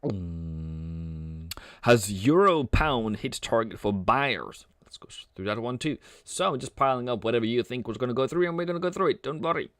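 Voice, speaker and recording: A man's voice: medium pitch, animated, normal speed, a bit bright, smooth, dry recording, clean studio sound. A young man, rambling playfully through a live trading stream, joking and humming between market calls. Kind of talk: casual live-stream commentary.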